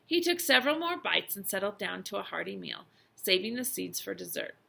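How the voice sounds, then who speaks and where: A woman teacher reads a chapter book aloud, her pitch rising and falling expressively. Her bright, forceful tone carries a gravelly rasp. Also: a little fast. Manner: expressive storytelling with lively emphasis. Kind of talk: reading a children's novel aloud.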